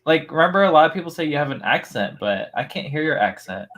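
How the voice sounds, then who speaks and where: A man's voice: fairly high pitch, expressive, fast talker, a bit bright. A man chatting casually on a stream, easygoing and laughing. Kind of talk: casual chat.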